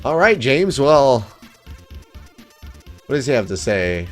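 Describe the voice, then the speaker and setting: A man's voice: mid-range voice, very animated, slow, soft background music. A man casually commenting on a game and reading its text aloud, profane and self-mocking. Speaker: let's play host.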